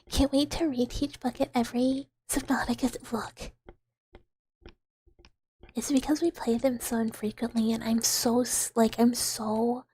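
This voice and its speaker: A young woman streaming, softly whispering and giggling through her chat in a whispered role-play as a mouse character. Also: on the high side, slightly rough. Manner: soft whispery chatter with frequent giggles. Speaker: VTuber streamer. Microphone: close ASMR microphone.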